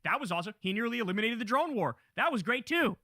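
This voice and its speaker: A man's voice: very high voice, very animated, fast, bright, forceful tone, dry recording, clean studio sound. A man hosting a show, mocking clips he plays with frequent laughter and plenty of swearing. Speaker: show host reacting to clips. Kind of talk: profane reaction commentary.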